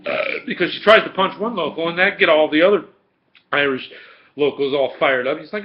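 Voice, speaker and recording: Profane, animated man in his forties. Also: on the high side, fast, muffled recording. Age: 40s. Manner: profane and animated, laughs often. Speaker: video Q&A host. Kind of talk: casual storytelling, answering viewer questions.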